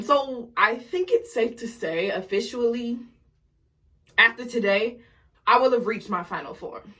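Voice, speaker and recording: A young woman of nineteen talks fast and rambles, jittery from coffee. Her voice is bright with a husky edge. She records casually on a phone while getting ready at home. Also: fairly high pitch. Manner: excited, rambling, fast-talking. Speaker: vlogger. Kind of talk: casual vlog chat.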